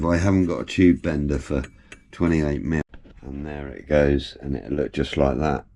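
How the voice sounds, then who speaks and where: Warm in tone and rumbling low, a man vlogs about building cars from his home workshop. He's casual and chatty, walking through each step of the job and cracking the occasional joke.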